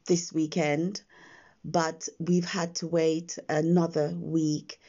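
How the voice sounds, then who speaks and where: Woman podcast host, croaky morning voice, low and mellow, dull phone recording. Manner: slow, gentle, with frequent pauses. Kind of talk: slow reflective podcast monologue. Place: quiet house. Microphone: own phone.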